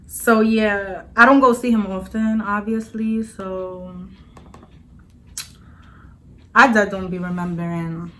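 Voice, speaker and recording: A woman's voice: medium pitch, fairly even intonation, takes it slowly, pauses often, a bit bright. A young adult woman telling a storytime vlog in a casual, blunt, profane way. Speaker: vlogger.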